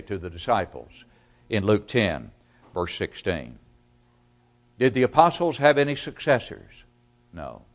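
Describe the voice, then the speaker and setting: Male preacher, sermon, emphatic, loud stresses, quiet trailing endings. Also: mid-range voice.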